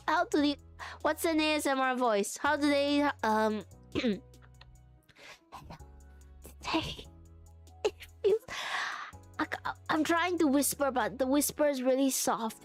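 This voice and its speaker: A woman's voice: high voice, measured pace, pauses often, soft background music. A young woman streaming live, chatting casually and thinking aloud with giggles as she works on a craft.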